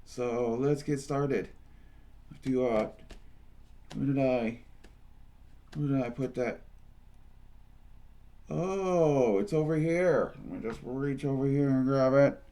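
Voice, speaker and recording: A man's voice: mid-range voice, slow, long pauses, warm tone. A man chatting playfully through a casual unboxing, rambling and humming as he goes. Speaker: unboxing host.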